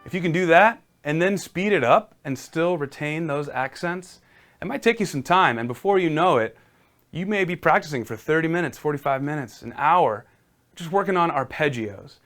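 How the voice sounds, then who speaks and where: A man's voice: fairly high pitch, expressive, moderate pace, a bit bright. A man teaching a casual live-streamed piano lesson, encouraging and talking viewers through exercises.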